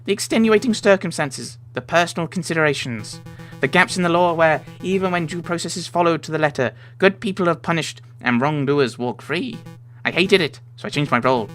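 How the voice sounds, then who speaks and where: A man's voice: a little high, fairly quick, hardly any pauses, fairly bright tone, faint music behind, voice pushed up, close to an everyday voice. A man voicing an earnest young male sparrow prosecutor in a visual novel, reading the lines with feeling.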